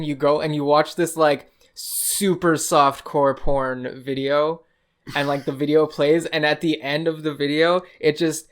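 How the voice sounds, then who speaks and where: Young man, podcast co-host, slightly high voice, rambling, profane, laughing. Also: clear, resonant tone. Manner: rambling, profane, laughs while retelling game scenes. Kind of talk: casual chat.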